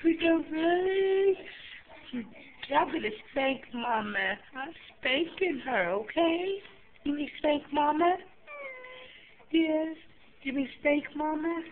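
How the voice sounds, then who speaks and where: A woman's voice: high voice, animated, takes it slowly, pauses often. A grandmother talking to an infant in coaxing, sing-song baby talk at home. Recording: tinny lo-fi home video with noise.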